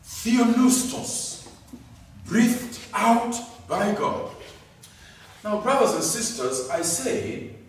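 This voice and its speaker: A man preaching a sermon, emphatic, repeating key words and swinging between loud and soft. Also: very high-pitched, drawn-out words, pauses often, a little hiss or hum. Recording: echoey hall, distant mic.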